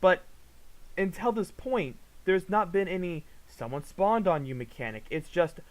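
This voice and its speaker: A commentary vlogger reacts casually, ranting in exasperated, profane bursts that swing between low mutters and loud outbursts. His intonation is lively and his pace brisk, and the recording is rough.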